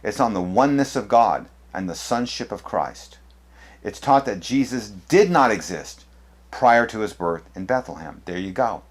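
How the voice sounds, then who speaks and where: A man's voice: on the low side, animated, moderate pace, breathy edge. A man presenting an apologetics lesson to camera, speaking emphatically with many fillers and restarts as he points through books. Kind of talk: lecture showing books to camera.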